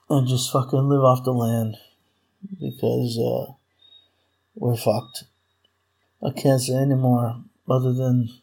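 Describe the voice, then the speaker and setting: A man's voice: medium pitch, creaky, darkish tone, breathy edge. A man delivering a furious, profane political rant straight to his audience, repeating himself as he vents. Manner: furious, profane, repetitive ranting. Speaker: vlogger. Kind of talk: angry political rant to camera.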